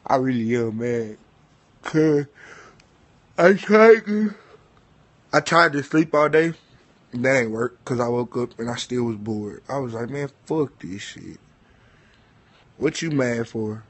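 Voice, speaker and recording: Husky-voiced man ranting, bored and profane. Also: mid-range voice, a little slow, no room sound. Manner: profane, spells words out loud, talks back to people off mic. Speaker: vlogger. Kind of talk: casual rant to camera.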